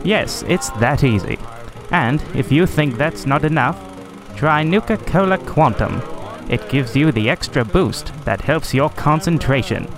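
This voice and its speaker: A man voicing a peppy retro-style radio announcer selling a soda, with a brisk, salesy pitch. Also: lively intonation, music in the background. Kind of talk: retro-themed school announcement ad.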